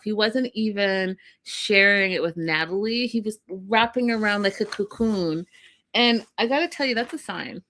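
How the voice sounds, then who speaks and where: A woman's voice: medium pitch, bright, forceful tone, slight background noise. A woman co-hosting a casual TV recap show, chatting directly to her viewers and laughing often. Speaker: podcast co-host.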